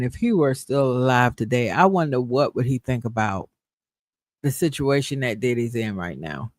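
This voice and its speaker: A man's voice: a little high, dry recording. A man hosting a livestream, thinking aloud in a loose, conversational way. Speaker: livestream host. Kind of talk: live commentary.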